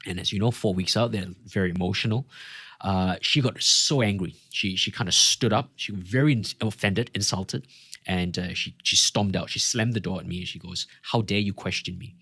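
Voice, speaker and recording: An Australian fitness coach guests on a casual podcast, telling stories with animation and acting out what people said. His low, slightly rough voice moves at a moderate pace, captured in clean, echo-free studio sound.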